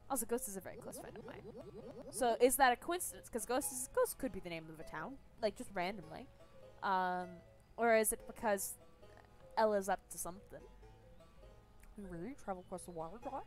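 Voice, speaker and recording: A young woman gaming streamer giving chatty, playful let's-play commentary and reading game text aloud. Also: mid-range voice.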